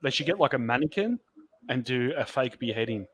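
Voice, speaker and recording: A man's voice: mid-range voice, expressive, a little fast, fairly bright tone. Aussie host guy, mid voice, laid back and sweary, telling stories. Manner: loose, sweary storytelling. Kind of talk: casual chat.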